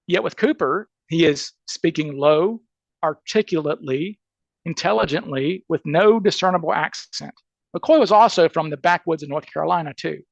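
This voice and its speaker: Speaking at a normal speed, this Southern-accented man has a gravelly voice on the high side. As a criminal defense attorney interviewed on a podcast, he argues a case emphatically, punctuating points with "okay?" and "right?" There's no echo.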